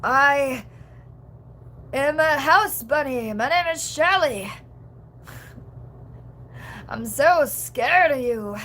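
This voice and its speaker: Woman impersonating a slow, airy, high-voiced ditzy young woman, wide-eyed and breathy, for a quick comic bit. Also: bright, forceful tone, slight background noise, full character voice. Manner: slow, drawn-out, airy delivery.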